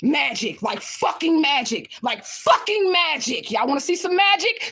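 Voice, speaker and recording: A woman's voice: high-pitched, sing-song, unhurried, a bit bright, a little hiss or hum. A woman livestreaming and answering viewer comments in a blunt, confrontational way, swearing often and repeating her points for emphasis. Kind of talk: casual livestream talk.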